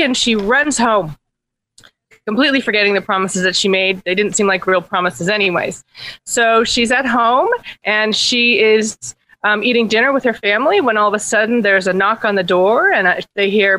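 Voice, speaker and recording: A woman's voice: medium pitch, normal speed, pushed and bright, low-quality recording. A woman podcast host retelling a fairy tale in a chatty way, with laughs and lots of fillers. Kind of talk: casual storytelling.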